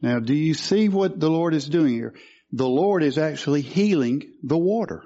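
Guy preaching, warm mellow voice, kinda dull lo-fi sound, asks the crowd questions. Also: fairly high pitch, animated, moderate pace. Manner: teaching, asks questions of the congregation. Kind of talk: sermon.

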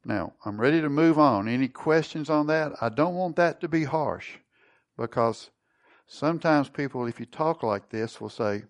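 A man's voice: fairly high pitch, moderate pace. A man preaching a sermon, teaching and putting questions to his congregation. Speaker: pastor.

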